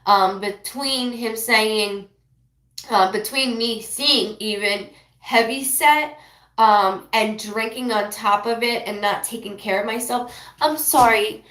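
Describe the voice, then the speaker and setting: A woman's voice: fairly high pitch, a bit bright, reverberant. Rambling, apologetic woman medium. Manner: rambling, apologetic, relays messages in quick bursts. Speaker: psychic medium. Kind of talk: live reading on a stream.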